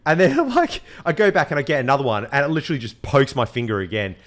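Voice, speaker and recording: A man's voice: medium pitch, huge pitch swings, fast talker. A man hosting a podcast, telling a story in casual chat, swearing and mimicking voices. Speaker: podcast host.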